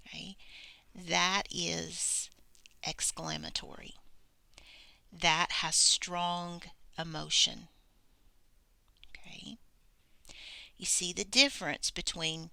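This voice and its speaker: A woman teaching a grammar lesson, explaining slowly and deliberately and acting out example sentences. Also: lowish voice, steady tone, gravelly, bright, forceful tone, clear, resonant tone, no echo.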